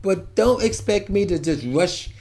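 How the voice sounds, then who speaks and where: A man in his seventies rants his way through a vlog monologue, his voice sitting high and swooping all over the place. He drifts from topic to topic, dropping to quiet mutters before bursting out loud again. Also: expressive, unhurried, vocal fry, noisy background. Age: 70s. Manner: ranting, digressive, swings from soft asides to loud outbursts. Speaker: vlogger. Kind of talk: rambling monologue to camera.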